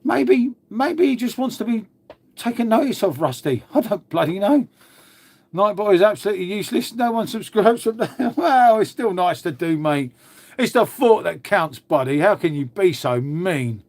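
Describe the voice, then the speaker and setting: Reading out comments and answering viewers on his relaxed live stream, this host keeps addressing everyone as "mate." He speaks at a normal speed in a high, animated voice that has a somewhat dark tone.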